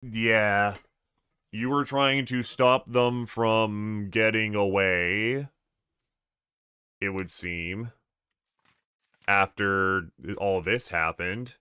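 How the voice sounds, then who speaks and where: A man's voice: fairly low pitch, fairly even intonation, drawn-out words, long pauses, pushed and bright, clean tone, no echo, studio quality. A man streaming a game, thinking aloud in a hesitant, musing way. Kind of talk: casual gameplay commentary.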